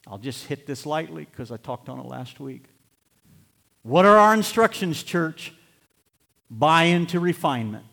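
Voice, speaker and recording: A man preaching a sermon as pastor, swinging between loud, laughing bursts and hushed, slow scripture reading. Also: on the high side, creaky. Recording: long hall reverb.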